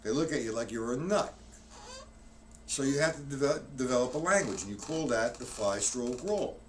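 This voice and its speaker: A man teaching drums on a live stream, rambling and correcting himself as he counts out loud. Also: medium pitch, lively intonation, normal speed. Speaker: drum teacher. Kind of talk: live-streamed drum lesson. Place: practice room with a drum kit. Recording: distant mic, noisy room.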